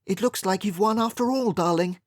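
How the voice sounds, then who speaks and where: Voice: medium pitch, fairly quick, dry recording, clean studio sound, pitched above the performer's own voice, natural voice. The audiobook narrator voicing a theatrical woman with an airy, drawling manner. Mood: sweetly gloating. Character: genteel upper-class English woman, theatrical, affected.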